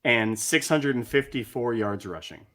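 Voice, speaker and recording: A man's voice: medium pitch, lively intonation, moderate pace, fairly bright tone. A man co-hosting a sports podcast, exasperated as he reels off stats. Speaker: podcast co-host. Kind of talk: casual sports chat.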